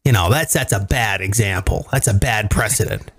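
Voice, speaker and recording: A man hosting a casual podcast chat, telling stories with lively acted-out quotes. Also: on the low side, normal speed, slightly rough, soft background music. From greater Cleveland area. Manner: animated storyteller, acts out quotes. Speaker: podcast host.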